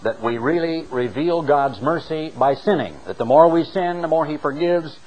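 A man preaching with a fairly high voice, driving his points home emphatically. His pitch and loudness swing sharply, and he slows right down whenever he reads a passage aloud. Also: poor audio. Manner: slows down to read scripture aloud. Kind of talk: sermon reading and explaining scripture.

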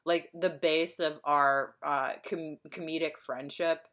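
Low-voiced, rambling woman. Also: steady tone, takes it slowly, fairly bright tone. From Pennsylvania. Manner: profane, rambling, frequent fillers. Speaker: podcast co-host. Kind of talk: casual chat.

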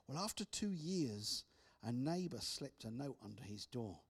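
A man preaching, telling personal stories with restarts and soft, hushed drops. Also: medium pitch, big pitch swings, measured pace, slightly rough. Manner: storytelling with repeated restarts, soft dramatic drops. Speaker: speaker. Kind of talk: preaching testimony.

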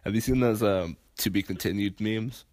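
A young man co-hosting a podcast, telling stories in an animated way with lots of likes. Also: on the low side, normal speed. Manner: animated storytelling, with many likes. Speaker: podcast co-host. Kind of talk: casual chat.

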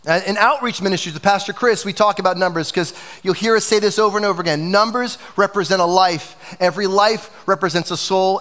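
A man's voice: high-pitched, fairly bright tone, long reverb tail. A man preaching a sermon as pastor, passionate and emphatic, in a church sanctuary.

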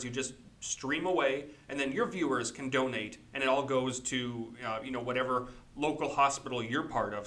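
A podcast co-host with a bright, forward tone, talking at a middle pitch. He gives confident, practical tips in a relaxed, conversational manner. His delivery is steady and easygoing. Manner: confident, practical advice-giving. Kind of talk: casual podcast chat.

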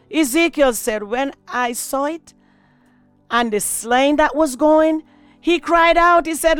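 A woman preacher delivers a sermon slowly and deliberately, acting out the scripture she retells and repeating phrases for emphasis. Her voice sits high and is recorded dry and close. Soft music plays faintly underneath. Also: clean tone, dry recording. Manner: dramatic, repetitive preaching, acting out scripture quotes.

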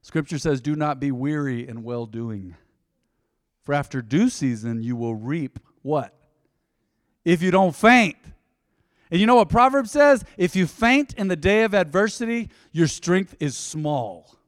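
A man's voice: fairly high pitch, animated, unhurried, clean studio sound. Folksy male pastor in a reverberant hall. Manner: folksy and conversational, acting out little dialogues. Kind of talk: sermon.

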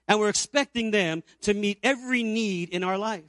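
A man in his fifties preaching an Easter sermon as pastor, building to emphatic peaks and dropping to quiet low stretches. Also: normal speed, no echo, studio quality.

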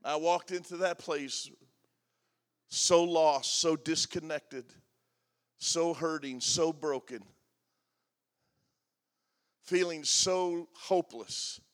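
A pastor in his sixties preaching a confessional sermon, moving between loud emphatic lines and hushed, soft passages. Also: a little high, slow pace, long pauses. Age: 60s.

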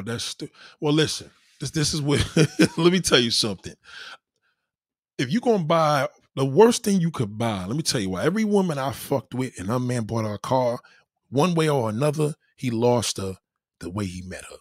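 A man with a husky, slightly rough voice rants his opinions bluntly and profanely, his pitch swinging widely as he hammers his points home. The sound is close and dry, with almost no room around it. He is loose and casual, slipping into other people's voices to mock them. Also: sing-song, normal speed, no room sound. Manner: acts out quoted people in varied voices.

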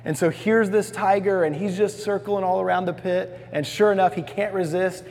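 A man's voice: high voice, fairly even intonation, normal speed, darkish tone, in a large hall. A man preaching a sermon, telling stories in a folksy way and asking the congregation to repeat words after him. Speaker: pastor.

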